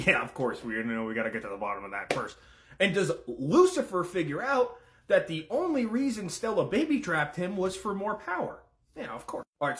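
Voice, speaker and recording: A man giving casual commentary, firing off questions and swearing freely. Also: mid-range voice. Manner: rapid-fire questions, profane, excitable. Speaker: content creator.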